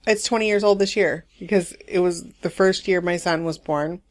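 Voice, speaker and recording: A woman in her forties co-hosting a podcast, telling animated stories and swearing freely in casual chat. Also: fairly low pitch, moderate pace. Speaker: podcast co-host.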